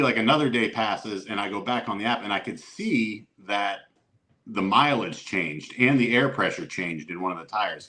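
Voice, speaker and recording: A fairly low-voiced middle-aged man, spinning a story on a casual podcast. He swears freely and acts out what everyone said. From Youngstown area, Ohio, USA. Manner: animated storyteller who swears and acts out quotes. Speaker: podcast guest.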